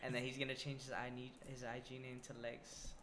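A young man chats on a podcast with a blunt, crude edge, swearing easily and trailing off while he hunts for the next word. His voice sits at an ordinary pitch for a man. There is a clear hiss of background noise under the recording. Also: monotone, a bit bright. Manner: blunt, swears freely, halting storytelling. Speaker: podcast co-host. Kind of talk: casual chat.

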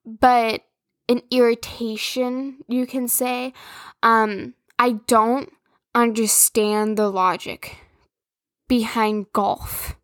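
A woman's voice: fairly high pitch, a bit bright, dry recording, clean studio sound. A young woman from Minnesota hosting a podcast, telling a story in a blunt, profane, exasperated way. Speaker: podcast host. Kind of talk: casual solo rant.

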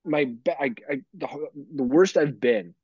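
A man on a podcast chats casually and swears freely as he tells animated stories about parenting. His voice is husky and the sound is dry and close. The recording is a little dull and lo-fi. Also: fairly high pitch, unhurried, dry recording. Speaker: podcast co-host. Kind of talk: casual chat.

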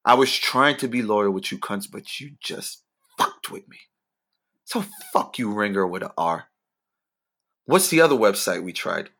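Young guy podcast host going off on a rant, cussing nonstop, bright voice, pitch jumps way up. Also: a little slow. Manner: animated ranting, swearing, sudden pitch jumps. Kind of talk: profane comedic rant.

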